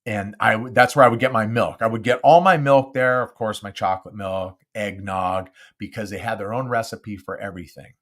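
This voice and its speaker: An older man from Southern California hosting a live podcast, chatty and animated, talking close into a studio mic. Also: on the low side, a little fast, hardly any pauses. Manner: chatty and animated, self-deprecating. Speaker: podcast host. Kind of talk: casual live podcast chat. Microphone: close studio mic with windscreen.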